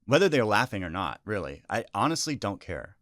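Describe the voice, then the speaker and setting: A man who is a comedian, talking as a podcast guest in a rambling, reflective, deadpan way. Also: on the low side, fairly quick, no room sound, clean studio sound. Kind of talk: casual podcast chat. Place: podcast studio.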